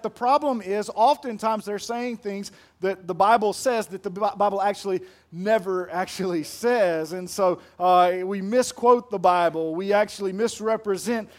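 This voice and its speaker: A man's voice: high voice, moderate pace, few pauses. A man preaching a sermon as pastor, talking conversationally and quizzing the congregation with questions.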